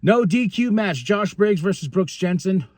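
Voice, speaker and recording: A man hosting a podcast, recapping wrestling in a casual, excitable way, often laughing and acting out what people said. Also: sits high, moderate pace, very noisy. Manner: excitable, chatty, laughs often, acts out quotes. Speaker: podcast host.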